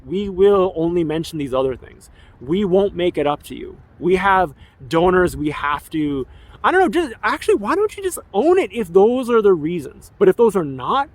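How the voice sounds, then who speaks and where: A man's voice: fairly high pitch, sing-song, moderate pace. A man in his forties, an activist, delivering an emotional, rambling personal documentary monologue with an aggrieved tone. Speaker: activist and filmmaker.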